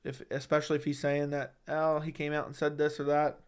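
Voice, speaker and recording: A livestream host reads viewer comments and fires back at the chat in blunt, profane fashion, speaking into a studio mic at his desk. His voice is fairly high, level in tone, smooth and a little fast.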